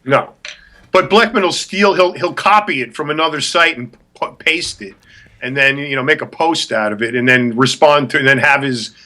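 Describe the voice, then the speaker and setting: A man's voice: medium pitch, moderate pace, pushed and bright. A man co-hosting a talk show, ranting bluntly and scornfully, repeating himself for emphasis. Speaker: podcast co-host. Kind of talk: opinionated rant.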